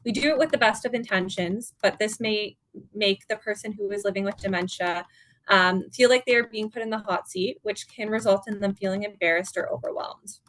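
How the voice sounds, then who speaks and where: A woman presenting at an online seminar as a dementia care educator, giving calm, step-by-step guidance. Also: mid-range voice, brisk, no room sound. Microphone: video call.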